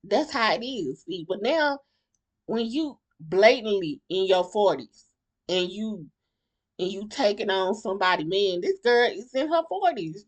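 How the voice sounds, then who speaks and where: A woman vlogger giving a casual, blunt commentary on a reality show, rambling and animated with slang and many restarts. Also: mid-range voice, measured pace. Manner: blunt, fired-up opinions.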